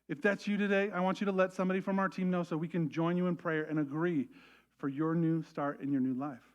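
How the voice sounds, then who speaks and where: A man preaching a sermon as pastor, animated and acting out quoted voices to a congregation. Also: fairly high pitch, fast talker. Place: church service.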